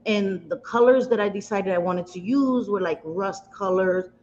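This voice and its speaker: At a normal speed, a mid-range woman's voice with a darkish tone chats through a makeup session on a livestream. Her talk is long, wandering, and self-mocking, full of pet names for viewers. The lo-fi audio is slightly dull, with light background noise.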